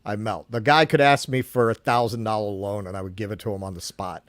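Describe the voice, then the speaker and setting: A man from New York co-hosting a casual political chat stream, talking in an animated, indignant way with lots of swearing. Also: lowish voice, a little fast, no room sound, clean studio sound. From New York, Queens. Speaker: co-host.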